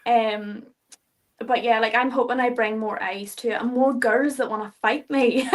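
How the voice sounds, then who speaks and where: A woman's voice: a little high, steady tone, moderate pace. A young Irish woman, a fighter guest in an interview, talking casually, swearing freely and laughing often. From Ireland.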